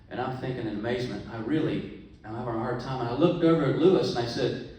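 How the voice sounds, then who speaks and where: A man's voice: medium pitch, quick pace, a little mellow. A man telling a folksy, chatty joke story to a club meeting, talking straight to a friend in the audience. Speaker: club speaker. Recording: echoey room from far off.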